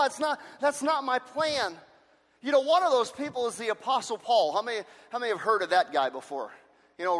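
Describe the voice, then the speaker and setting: A man preaching a sermon with passion, swinging between loud shouts and hushed, quiet lines. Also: very high-pitched. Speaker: pastor. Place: church sanctuary. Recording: long reverb of a large hall.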